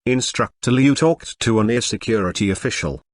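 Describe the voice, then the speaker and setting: A synthetic male narrator reading a web novel audiobook in a steady storytelling manner. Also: medium pitch, normal speed.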